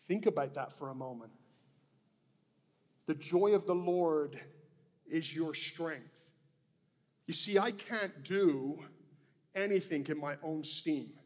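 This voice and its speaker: In the long reverberation of a church sanctuary, a pastor preaches a sermon with genuine conviction. His voice is high for a man yet somewhat dark in tone, and he makes each point slowly and deliberately, emphatic and earnest, circling back to repeated phrases.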